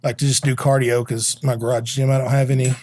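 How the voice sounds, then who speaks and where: A man's voice: mid-range voice, little pitch movement, fast talker, darkish tone. A man, a guest chatting and telling funny stories. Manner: storytelling, laughs easily. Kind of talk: casual chat.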